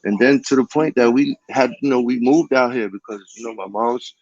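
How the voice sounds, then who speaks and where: A man rambles through a casual vlog in loose, slangy street talk. His voice is husky and a little muffled, as if from a dull, lo-fi recording. He restarts his sentences often. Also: a little fast, darkish tone, no room sound. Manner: sing-song high calls of a greeting catchphrase. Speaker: vlogger.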